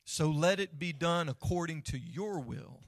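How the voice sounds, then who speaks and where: A man voicing an overwhelmed man praying to his father, quiet and earnest. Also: a little high, a little slow, no echo, studio quality. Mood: pleading.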